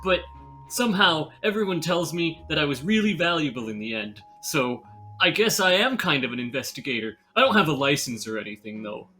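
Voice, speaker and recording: A man's voice: fairly high pitch, expressive, a little fast, sharp tone, faint music behind. A man playing a tabletop game in character, earnest, naive and dim-witted. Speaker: player. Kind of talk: in-character tabletop role-play.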